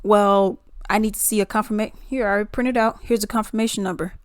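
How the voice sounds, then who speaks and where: A woman's voice: medium pitch, steady tone, fast talker, smooth, dry recording, clean studio sound, close to an everyday voice. A woman voicing a puzzled man at a rental counter who insists on his booking. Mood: confused. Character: puzzled adult man renting a car.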